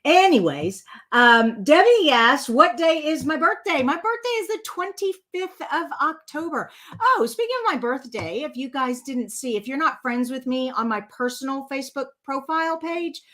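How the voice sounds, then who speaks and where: A woman's voice: high-pitched, animated, normal speed. Chatty woman streaming. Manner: chatty, warm to viewers, rambling with many fillers. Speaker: card-making channel host. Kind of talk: casual live-stream chat.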